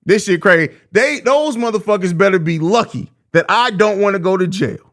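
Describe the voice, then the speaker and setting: Profane high-voiced man ranting on a live stream. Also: animated, brisk. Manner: profane, exasperated ranting with heavy slang. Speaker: host of a live postgame show.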